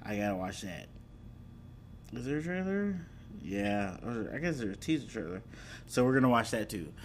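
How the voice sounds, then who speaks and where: A man's voice: lowish voice, sing-song, moderate pace, a little hiss or hum. A man chatting casually about anime and streaming apps, rambling and correcting himself as he goes. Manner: rambling, self-correcting, laughs at own slips. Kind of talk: casual chat.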